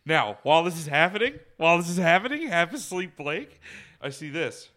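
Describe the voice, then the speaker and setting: A young man in casual chat, telling a crude story with animated laughter. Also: on the high side, fairly quick. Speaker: podcast co-host.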